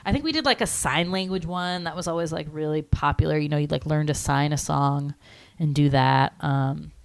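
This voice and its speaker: A woman's voice: sits low, moderate pace, gravelly, no echo. A woman in her thirties co-hosting a podcast, telling childhood stories in a rambling way, full of fillers and casual swearing. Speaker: podcast co-host. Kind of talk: casual chat, storytelling.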